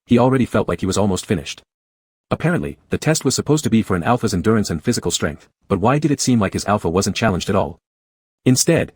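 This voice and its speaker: Husky low-voiced male narrator. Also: darkish tone, no echo. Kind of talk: scripted narration of a romance story.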